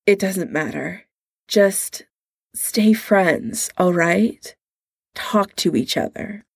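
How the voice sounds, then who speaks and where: A woman's voice: mid-range voice, expressive, extremely slow, vocal fry, breathy edge, dry recording, exaggerated voice. Lady doing a cocky teasing engineer guy, wry and glib, dry close sound. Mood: raw.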